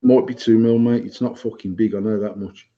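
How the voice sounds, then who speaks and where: A man's voice: fairly low pitch, fairly even intonation, a little fast. A man co-hosting a vaping podcast, talking bluntly about coils and gear in sweary, casual banter. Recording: dull lo-fi sound.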